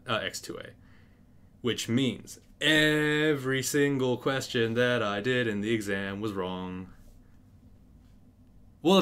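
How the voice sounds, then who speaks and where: Young male gaming host, lowish voice, animated storyteller who swears and acts out scenes, keyboard clicks behind. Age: young adult. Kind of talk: casual storytelling and game commentary.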